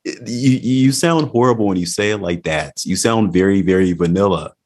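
Deep-voiced joking man chatting. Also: normal speed, darkish tone. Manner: joking, crude, laid-back. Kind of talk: casual chat.

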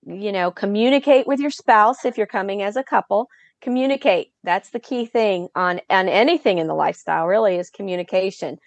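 A woman's voice: mid-range voice, brisk, dry recording. Woman, event organizer guest, sarcastic dry humor, dull muffled lo-fi sound, very dry close audio. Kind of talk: podcast interview.

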